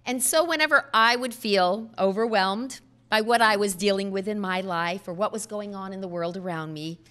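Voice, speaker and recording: A middle-aged woman delivering a prepared speech at a podium microphone, earnest and measured, with emphatic pauses. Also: medium pitch, pushed and bright, smooth. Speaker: speaker at a foundation event.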